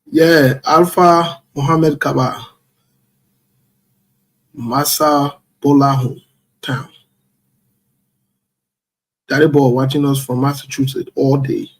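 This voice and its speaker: A husky-voiced man runs a loose, chatty live stream. He reads out viewers one after another with a playful, chuckling ease, and his voice sits in an ordinary middle register. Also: mid-range voice, steady tone, slow pace, pauses often. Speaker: livestream host. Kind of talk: casual live-stream chat, reading out viewers.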